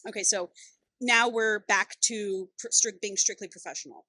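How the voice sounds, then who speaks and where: A woman's voice: mid-range voice, steady tone, moderate pace, bright, forceful tone, no room sound, poor audio. A woman co-hosting a podcast in casual chat, retelling a book's scenes with plenty of profanity and quoted character lines. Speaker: podcast co-host. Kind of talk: casual chat, recapping a book.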